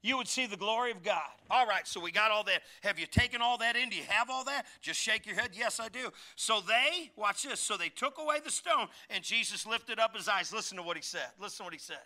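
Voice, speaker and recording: A man preaching an animated, joking sermon and speaking directly to his congregation. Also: high-pitched, fairly quick, few pauses. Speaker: pastor.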